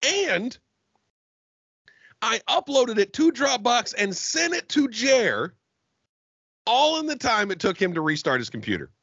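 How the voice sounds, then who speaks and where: A man's voice: very high voice, very animated, unhurried, long pauses, a bit bright, husky, no echo, lo-fi sound. A man co-hosting a comedy podcast over a call, ranting in crude, mock-angry banter. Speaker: podcast co-host. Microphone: remote call mic.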